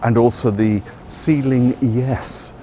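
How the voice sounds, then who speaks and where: Taking it slowly, a man with a warm, mid-range voice and a steady tone leads a chatty walking tour along city streets. He rambles and often corrects himself while traffic noise carries on around him.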